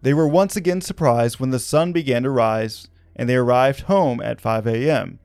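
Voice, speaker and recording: A man telling a story on a podcast, loose and conversational, slipping in casual fillers. His pitch sits in the middle of the range, and the sound is dry, with no echo. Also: moderate pace, a little mellow. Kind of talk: conversational narration of a paranormal story.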